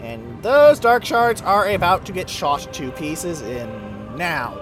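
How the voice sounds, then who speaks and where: A man giving casual, excitable commentary over his own gameplay, swearing freely and breaking into silly sing-song chants. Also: high-pitched, takes it slowly. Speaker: video game let's play host. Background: game music.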